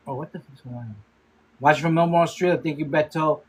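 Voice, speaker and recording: A man in his fifties hosting a casual livestream. He laughs often, swears freely and gives quick shout-outs to viewers. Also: a little high, a little hiss or hum, low-quality recording. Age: 50s. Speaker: livestream host.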